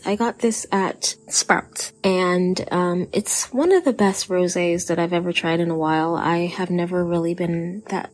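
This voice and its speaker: Earnest Texan woman, lowish voice. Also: a little mellow. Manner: earnest, encouraging, chatty with "like" and "you know". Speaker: podcast co-host. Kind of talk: casual podcast monologue.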